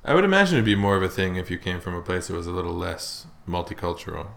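Deep gravelly-voiced man. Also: very animated, quick pace, a bit bright. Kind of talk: casual chat.

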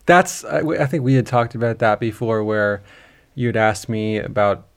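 A man co-hosting a casual movie review podcast, agreeable and quick to laugh. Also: on the low side, fairly even intonation, clear, resonant tone. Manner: agreeable, laughs often, short replies. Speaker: podcast co-host.

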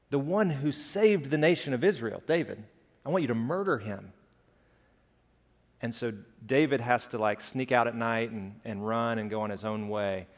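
A man preaching a sermon in a church, talking casually and rising into impassioned outbursts. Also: medium pitch. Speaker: pastor. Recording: hall reverb.

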